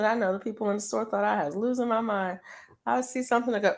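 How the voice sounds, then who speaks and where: A woman's voice: on the high side, fast talker, creaky. A middle-aged woman hosting a live stream, chatting casually to viewers and crocheting as she talks, rambling with lots of ums and frequent laughs. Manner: crocheting while talking.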